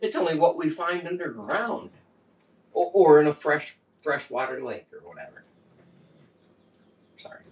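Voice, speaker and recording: A man co-hosting a podcast in casual chat, rambling and animated, often laughing as he tells stories. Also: on the high side, a little slow, pauses often. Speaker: podcast co-host. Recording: echoey room, distant mic.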